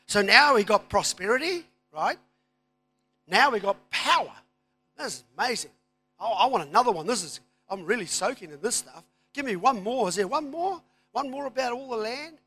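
A man preaching a sermon, moving from quiet asides to loud, emphatic declarations. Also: high-pitched. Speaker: pastor.

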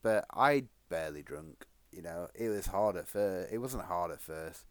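Man, podcast co-host, jokey asides, lively low voice. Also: moderate pace, dry recording. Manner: joking, laughing, animated asides. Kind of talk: casual chat.

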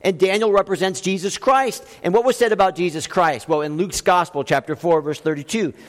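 A man's voice: high voice, fairly quick, in a large hall. A man preaching a sermon as pastor, driving his points home with emphatic rhetorical questions.

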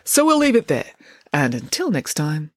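A woman's voice: sits low, moderate pace. Playful woman reading a children's story. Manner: playful, wry, expressive. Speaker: storyteller, author reading own book.

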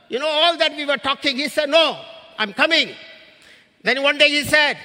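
High, bright-voiced preacher man in a hall. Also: brisk. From India. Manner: impassioned, rises to shouts on key phrases. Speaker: missionary preacher. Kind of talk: sermon. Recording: long hall reverb.

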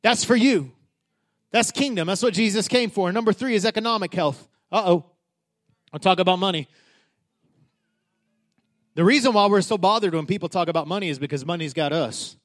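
A man preaching a sermon with passion, repeating himself, rising from quiet talk to loud declarations. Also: sits high, moderate pace, pauses often. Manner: passionate, building to loud declarations with frequent restarts. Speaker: pastor.

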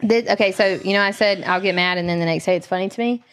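A woman musician on a casual podcast, telling a story with loud acted-out quotes and lively swearing. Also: medium pitch, quick pace.

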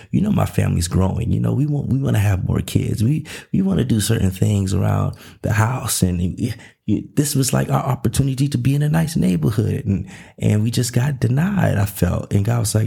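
A man's voice: mid-range voice, animated, a little fast, creaky, warm tone, slightly rough. A man, talking casually about faith and family, rambling with many fillers.

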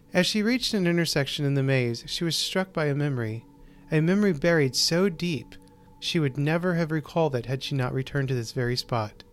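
A man hosting and narrating a short story, reading in a measured, deliberate way with slowed pauses. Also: fairly high pitch. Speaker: host and narrator.

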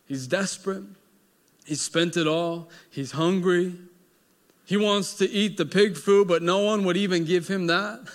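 With a high-pitched voice, a male pastor preaches a sermon full of dramatic storytelling, shifting between loud emphasis and hushed moments.

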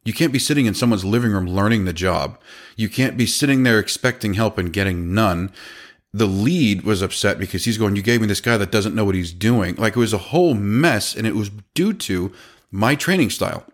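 Brief: lowish man in his thirties, casual animated storyteller, quotes people as he goes. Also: a little fast. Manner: animated, quotes people in their own voices. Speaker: business owner telling a story.

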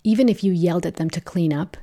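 A woman hosting a parenting podcast, explaining in a gentle, patient, instructive way. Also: on the low side, fast. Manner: gentle, patient and instructive, with shouted example quotes. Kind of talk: calm explanatory podcast talk.

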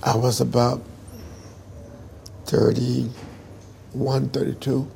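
Gravelly older man telling his story. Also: medium pitch, flat delivery, extremely slow, mellow, a little hiss or hum. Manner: earnest, emphatic storytelling, acts out dialogue. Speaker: interviewee, singer. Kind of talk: personal storytelling in an interview.

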